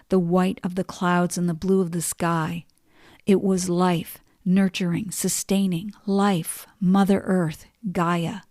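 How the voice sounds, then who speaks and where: A middle-aged woman hosting a podcast, telling stories and reading passages in a calm, measured way. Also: lowish voice, no room sound, clean studio sound. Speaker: podcast host. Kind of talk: reflective spoken essay, reading quotes aloud.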